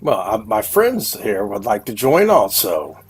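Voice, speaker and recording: A very husky male voice moves lively up and down as he plays his character in a tabletop game, often stammering and restarting. Soft music sits in the background. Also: lowish voice, measured pace. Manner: hesitant, stammering. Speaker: player.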